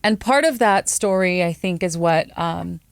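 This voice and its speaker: A woman co-host speaks sincerely in a somewhat low voice, pausing with ums as she talks. The sound is dry and close. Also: gravelly, clear, resonant tone, no room sound. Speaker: podcast co-host. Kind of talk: casual podcast talk.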